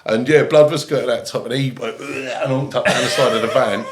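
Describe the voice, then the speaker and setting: A man spins animated anecdotes as a podcast guest, often laughing mid-sentence. His voice sits at a middling pitch in a roomy, echoey space. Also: a little fast. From England. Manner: animated anecdote-telling, laughing through lines. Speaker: guest, ex-army comedian. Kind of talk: casual storytelling. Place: podcast studio.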